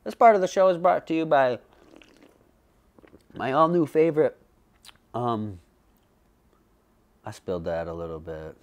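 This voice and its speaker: A man hosting a homemade comedy show, rambling profanely through jokey stories and putting on quick voices. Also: medium pitch, expressive, slight background noise. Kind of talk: comedic monologue. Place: bedroom.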